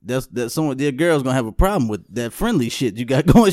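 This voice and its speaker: A man's voice: medium pitch, very animated, brisk, hardly any pauses, darkish tone, dry recording, clean studio sound. A young adult man hosting a casual podcast, telling a story in a laid-back way and often asking "you know what I'm saying". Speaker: podcast host.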